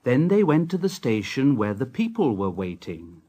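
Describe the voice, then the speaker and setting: A man narrating a children's storybook in a gentle, sing-song read-aloud manner. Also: medium pitch, big pitch swings, normal speed, breathy edge.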